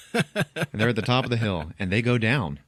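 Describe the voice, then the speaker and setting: A podcast host casually recaps a movie's plot, acting out the characters' lines and laughing often. His medium-pitched voice is very animated and fairly bright, delivered at a normal speed. The recording is dry and studio quality.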